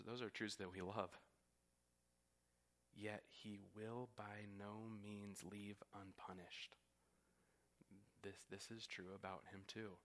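A man's voice: fairly low pitch, a bit bright. A man preaching a sermon, teaching earnestly and often repeating words as he goes. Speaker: pastor.

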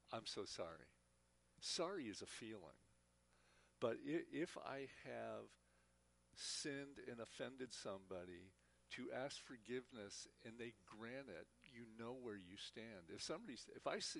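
A man's voice: medium pitch, creaky. A man teaching a Bible class, speaking earnestly and often repeating words as he talks. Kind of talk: church teaching talk.

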